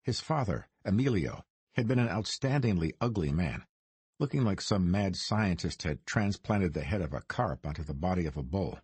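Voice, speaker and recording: A man narrating a crime noir audiobook in a measured storytelling manner. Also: deep voice, animated, a little mellow, slightly rough, no room sound.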